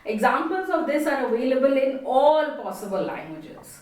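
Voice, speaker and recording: Expressive high-voiced Indian woman trainer. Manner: expressive, stresses words deliberately. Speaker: communication trainer. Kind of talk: spoken lesson. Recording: echoey room, distant mic.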